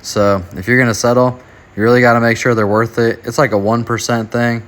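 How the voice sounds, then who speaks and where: A man's voice: medium pitch, level tone, fairly quick, a bit bright. A man hosting a reaction show, giving laid-back commentary. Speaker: show host. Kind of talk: casual commentary to camera.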